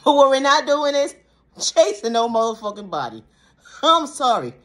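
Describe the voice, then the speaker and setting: A woman vlogger ranting to the camera in a casual monologue, laughing often between phrases and swearing heavily. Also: normal speed. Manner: calm lower-voiced affirmations in the closing sign-off.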